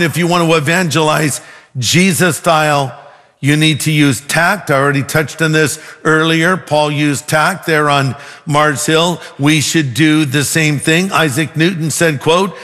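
Male pastor, sermon, fairly high voice, earnest and emphatic, long reverb, faint music. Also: a bit bright. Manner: earnest, emphatic, slows down to stress points.

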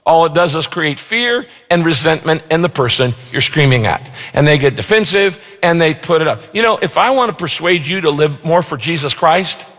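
A man preaching a sermon as a pastor, emphatic and slowing down to stress key phrases. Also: a little high, fairly bright tone, long reverb tail. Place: church sanctuary.

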